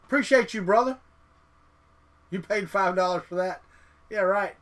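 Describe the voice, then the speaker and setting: A man's voice: sits high, normal speed, a bit bright. A man hosting a casual live stream, chatting and muttering to himself as he clicks through settings. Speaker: livestream host.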